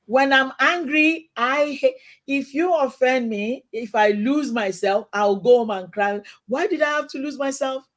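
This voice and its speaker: A woman's voice: sits high, unhurried. A middle-aged woman hosting a casual talk show, talking emphatically and repeating words as she starts. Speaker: host.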